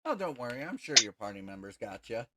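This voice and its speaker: A game master narrating a tabletop game, halting and full of ums. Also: medium pitch, big pitch swings, bright, forceful tone.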